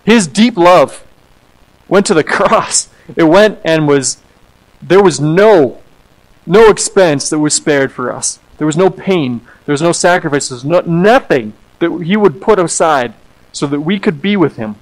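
A man, an associate pastor, preaching a sermon in an animated way, acting out quoted voices and repeating words as he goes. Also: a little high, unhurried, rough recording.

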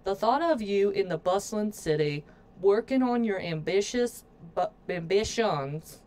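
A woman's voice: on the low side, moderate pace, clean tone, close to an everyday voice. Give me a genteel middle-aged sister with a clumsy put-on old-fashioned accent, voiced by a woman. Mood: earnest.

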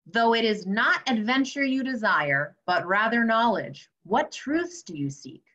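A woman voicing a wise old male produce sage who speaks in slow, grand riddles. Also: a little high, animated, fairly bright tone. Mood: solemn. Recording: slightly dull lo-fi audio.

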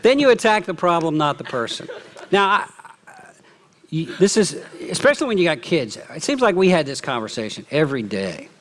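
A middle-aged man preaching a sermon as lead pastor, lively, often acting out quoted remarks. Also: on the high side, fairly quick, a little hiss or hum. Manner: animated, acts out quoted speech. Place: church.

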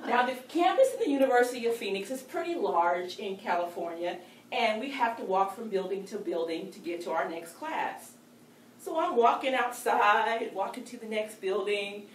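A woman telling a personal story to a speaking club, animated and playful. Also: mid-range voice, normal speed, slight background noise. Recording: echoey room, distant mic, faint ambience.

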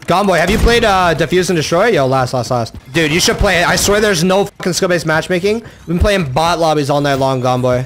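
A man's voice: sits high, fairly quick, hardly any pauses, music in the background. A young man streaming a shooter game, chatting casually and trash-talking. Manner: trash-talking, loud and hyped. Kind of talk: casual gaming banter.

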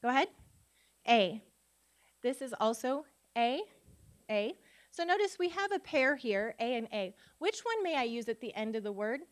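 Woman educator from Minnesota, slightly high voice, energetic classroom delivery that sounds out vowels and quizzes the room. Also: normal speed. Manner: lively, demonstrates sounds aloud, asks audience questions. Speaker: literacy educator, conference speaker. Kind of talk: live teaching talk to tutors. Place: conference room.

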